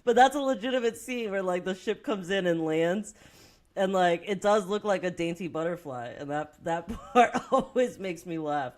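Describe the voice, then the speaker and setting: A woman's voice: lowish voice, normal speed. A young woman co-hosting a movie podcast, telling stories in a rambling way, full of "like" fillers, swearing and laughter. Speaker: podcast co-host. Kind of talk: casual movie-review chat.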